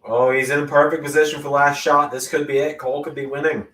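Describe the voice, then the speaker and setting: A man hosting a live watch-along of a wrestling event, reacting with sudden loud exclamations between casual remarks. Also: fairly high pitch, fast, distant mic. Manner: excitable, bursts into loud exclamations. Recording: roomy echo, voice off-mic.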